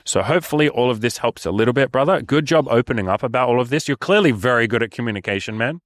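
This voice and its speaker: A man's voice: mid-range voice, expressive, fast talker, no echo, studio quality. A man giving frank, casual dating advice, swearing freely and calling the listener brother. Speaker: dating coach.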